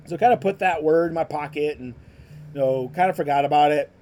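Slightly high-voiced man telling his story. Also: quick pace, dark tone, a little hiss or hum. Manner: conversational, full of "like" and "you know" fillers. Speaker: podcast host sharing his ministry story. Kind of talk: casual personal testimony storytelling.

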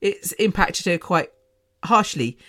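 A woman's voice: fairly low pitch, animated, slow pace, bright, forceful tone. A middle-aged woman hosting her own podcast, talking in a candid, rambling way with many restarts and sighs. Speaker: podcast host. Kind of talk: casual solo podcast monologue.

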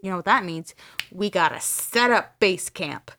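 A woman's voice: fairly low pitch, lively intonation, normal speed, pushed and bright. A woman podcast host casually retelling a story, acting out the dialogue with casual swearing.

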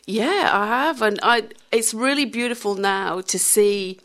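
A woman, telling candid, animated stories as a radio interview guest and laughing often. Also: mid-range voice, measured pace. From England. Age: 50s. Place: radio studio.

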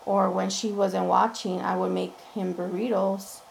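A woman's voice: mid-range voice, level tone, a little slow, gravelly, slight background noise, rough recording. A woman, an interview guest, candidly telling her own story and often quoting what people said. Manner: candid, frank, often quotes people in conversation. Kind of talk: personal storytelling.

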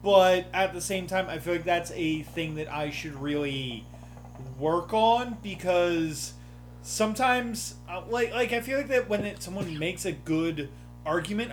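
A man's voice: high voice, unhurried, soft background music. A man running a tabletop game, talking casually and acting out lines from the table, with frequent swearing. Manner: animated, acts out table dialogue, swears. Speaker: game master. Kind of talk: casual chat.

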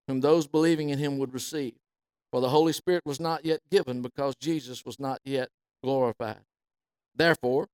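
A man preaching, reading scripture calmly and then building into loud, slow, emphatic preaching. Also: fairly high pitch, smooth, no room sound.

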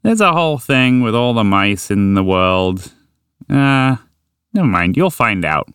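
A man's voice: mid-range voice, sing-song, a little slow, fairly bright tone, clear, resonant tone, no room sound, studio quality. A man voicing a friendly, easygoing talking horse in a storybook, kindly and reassuring. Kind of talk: storybook character voice.

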